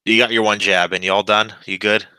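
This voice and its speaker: A man's voice: fairly low pitch, flat delivery, pushed and bright, clean tone, dry recording, low-quality recording. A man hosting a casual wrestling podcast, joking with his co-host and plugging the show. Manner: jokey, quick plugs and banter.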